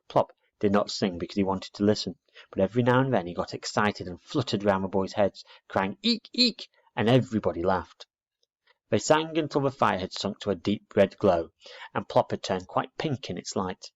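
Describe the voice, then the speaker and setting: A man reading a children's storybook aloud, steady and expressive. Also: on the low side. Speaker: reader. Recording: dull lo-fi recording.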